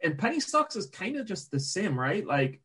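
Emphatic fast-rambling man, trading coach. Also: high voice, big pitch swings, a bit bright, husky. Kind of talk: casual podcast chat.

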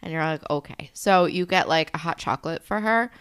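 A woman's voice: low-pitched, a little fast, a bit bright, clear, resonant tone. A young woman co-hosting a casual podcast, telling a made-up story in a rambling, jokey way full of "like". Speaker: podcast co-host.

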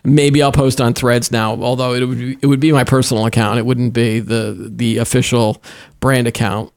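A man's voice: medium pitch, flat delivery, normal speed. A middle-aged man co-hosting a podcast in casual tech chat, rambling with many restarts and fillers. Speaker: podcast co-host.

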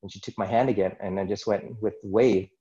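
Man, low voice, earnest rambling storyteller, podcast guest, dull lo-fi sound. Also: steady tone, quick pace, dark tone. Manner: earnest, rambling, many "it's like" asides. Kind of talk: personal storytelling in a casual interview.

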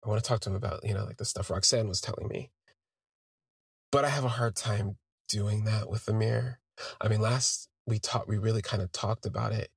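A low-voiced man with a gravelly, husky edge recounts his own story as a podcast host. He slips into quoted dialogue as he goes, in a close, dry sound. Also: steady tone, a little fast, no room sound. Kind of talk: personal storytelling monologue.

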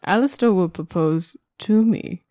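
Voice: medium pitch, unhurried, warm tone, no room sound, studio quality, lightly acted. A player voicing a vain, scheming young nobleman who gives haughty orders about a staged proposal. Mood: gloating. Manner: haughty, commanding, stifles giggles. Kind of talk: tabletop role-play in character.

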